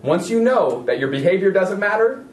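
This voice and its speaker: A man preaching a sermon as a pastor, telling a story with lively acted-out voices of others. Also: high-pitched, normal speed, a little hiss or hum. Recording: echoey room from a distance.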